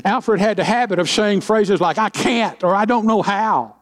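A middle-aged senior pastor preaches a sermon full of humorous stories in a high-pitched voice at a normal speed. His style is folksy, with joking asides and acted-out quotes.

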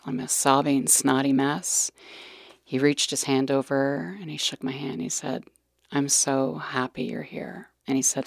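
A woman's voice: deep voice, gravelly, no room sound, studio quality. A middle-aged woman, a nurse educator, telling a personal story candidly and earnestly, dropping to whispered asides.

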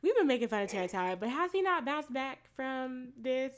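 Female podcast co-host, slightly high voice, animated and profane storyteller for a casual chat. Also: brisk. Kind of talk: casual chat recapping a TV show.

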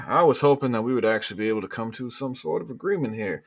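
Guy doing a loud smug villain governor, slow threatening speeches. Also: medium pitch, animated, slightly rough, voice pushed up. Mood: menacing. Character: menacing male governor, smooth and ruthless.

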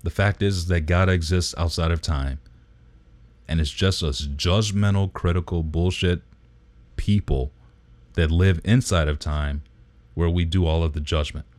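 A man's voice: deep voice, a little slow, darkish tone, no echo. A man co-hosting a podcast, talking in an emphatic, preachy way with casual swearing. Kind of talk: casual chat.

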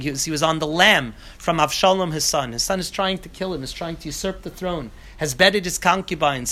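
A man teaching a class on scripture, talking in an animated way with many restarts and asides. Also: sits high.

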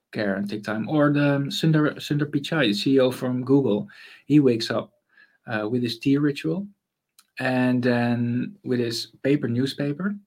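A man speaks at an everyday mid pitch in a casual interview. He is relaxed and thoughtful, and he often pauses on fillers before picking his thread back up. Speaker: guest, consultant on mental space.

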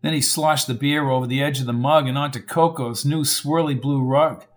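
A man reading a novel aloud in scripted narration, steady and measured. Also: mid-range voice. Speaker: audiobook narrator.

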